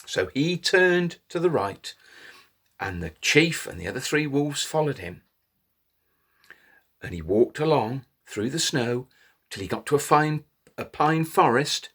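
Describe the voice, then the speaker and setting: A man telling a children's story in an animated way, inviting little listeners to join in. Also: mid-range voice, measured pace, long pauses, slightly rough. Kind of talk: interactive children's story reading.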